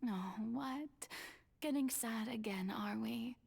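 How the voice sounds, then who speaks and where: An ancient goddess who has schemed for centuries, heard in game cutscene dialogue. She speaks slowly and softly, her pitch sitting a little high. Each line comes out measured and confiding, almost hushed. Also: vocal fry, a little hiss or hum. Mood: teasing. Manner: slow, measured, soft and confiding. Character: ancient scheming female goddess, calm and wistful.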